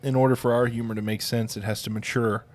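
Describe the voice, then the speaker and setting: A man's voice: medium pitch, little pitch movement, fast talker. A man in his thirties, a podcast co-host, telling funny family stories in a casual, sarcastic way and laughing often. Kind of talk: casual chat.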